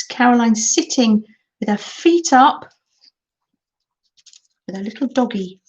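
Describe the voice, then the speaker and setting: Older woman, gushing slow craft-stream host. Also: a little high. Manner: gushing, affectionate, exclamatory. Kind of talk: chatty craft livestream, reading viewer comments. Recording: dull, lo-fi stream audio with faint noise.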